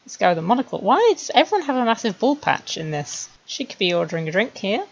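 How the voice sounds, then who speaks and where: A woman streamer chatting wryly to herself as she builds animated scenes, laughing at her own jokes. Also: medium pitch, fast talker, muffled recording. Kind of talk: casual commentary while making a 3D animation.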